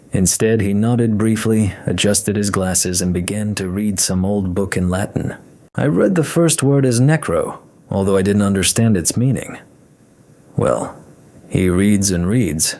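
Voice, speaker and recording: A man narrating a first-person story in a measured storytelling manner. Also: lowish voice, a little mellow, no room sound.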